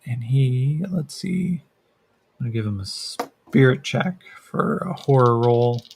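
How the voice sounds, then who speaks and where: A man narrating a solo tabletop role-playing game as game master, describing scenes and rolling dice with frequent pauses and fillers. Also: medium pitch, animated, slight background noise. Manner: hesitant, many fillers, descriptive.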